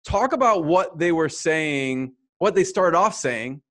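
A man's voice: fairly high pitch, expressive, takes it slowly, a bit bright. A man hosting an interview podcast, talking eagerly and chattily with his guest. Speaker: podcast host.

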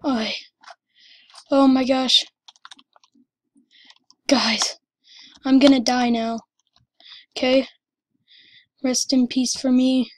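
A woman giving excited commentary over her gameplay, gushing and exclaiming breathlessly. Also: high-pitched, extremely slow, pauses often, no room sound. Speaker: gamer.

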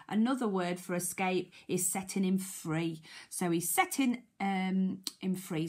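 A woman teacher with a British accent, reading a picture book to young children and sounding out letters. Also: on the low side. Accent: British English. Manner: slow, sing-song, sounds out letters, asks children questions. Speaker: primary school teacher.

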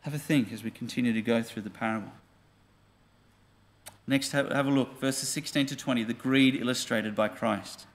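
A man's voice: medium pitch, steady tone, moderate pace. A male pastor, preaching earnestly and putting questions to his congregation. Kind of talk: sermon.

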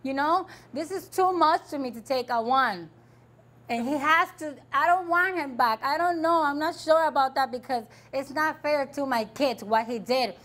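A distressed woman with a high voice talks right after a talk show taping. She speaks emphatically and circles back to the same points again and again. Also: normal speed, fairly bright tone. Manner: upset, emphatic, repeating herself.

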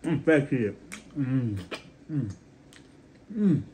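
A man's voice: medium pitch, sing-song, drawn-out words, mellow, a little hiss or hum. A young man hosting his own casual cooking vlog, laid-back and talking straight to his viewers while he tastes his food. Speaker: cooking vlogger.

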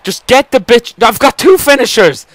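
Young male gamer, high bright voice, swings wildly from groans to yells, frequent swearing; live play commentary. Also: normal speed. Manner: excitable, swears and shouts at the game. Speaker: gamer commentating his own match.

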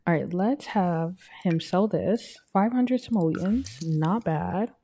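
A young woman casually narrating her life-simulation game, chatting and putting quick voices on the characters. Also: on the low side, dark tone, slightly rough. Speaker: let's play gamer. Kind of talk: casual gameplay commentary.

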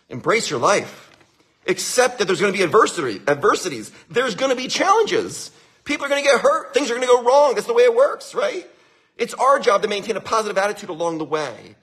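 A man's voice: high voice, fairly bright tone, slightly rough. A man who owns a winery giving an enthusiastic, repetitive motivational talk, laughing often.

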